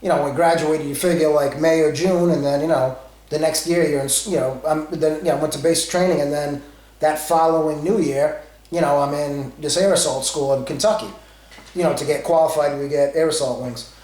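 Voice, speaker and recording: A man's voice: a little high, steady tone, fairly quick, a little mellow, echoey room, poor audio. A man from Rhode Island in his forties with a New England accent, telling a rambling story full of asides. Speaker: vlogger. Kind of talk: casual storytelling.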